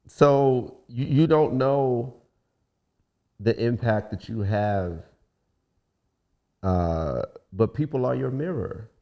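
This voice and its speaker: A man's voice: mid-range voice, takes it slowly, pauses often, highs cut off. A young man from Washington DC, a guest singer, telling stories in a casual podcast interview and acting out the people he quotes. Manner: relaxed storyteller, acts out quoted voices.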